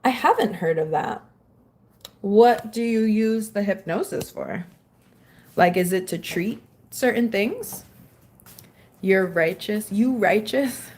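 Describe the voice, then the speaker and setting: A woman livestreams casually from home, reading and replying to her viewers' chat and scolding her dog in between. Her mid-range voice is expressive and a little mellow, and she speaks slowly with frequent pauses.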